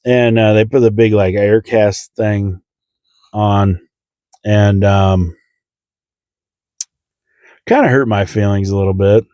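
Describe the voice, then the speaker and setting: A young man tells a comic story at his own expense, voicing the others with sudden squeaky jumps. His tone is mellow and relaxed, and the recording is dry and close. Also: slow pace, pauses often, dry recording. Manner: self-deprecating, acts out voices with big pitch jumps. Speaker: comedian telling a story. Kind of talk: comedic storytelling.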